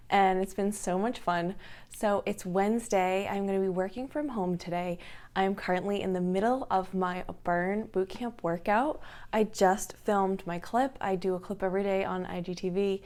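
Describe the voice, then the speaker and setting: A young woman vlogs from home in an upbeat, chatty manner, her mid-range voice a little mellow. Her casual talk is full of ums.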